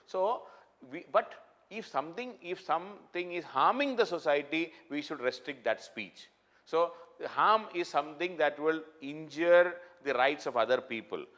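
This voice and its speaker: A man's voice: a little high, animated, a little slow, fairly bright tone. A man giving a spoken lecture, emphatic and repetitive, often restarting his sentences and using fillers. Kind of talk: classroom lecture.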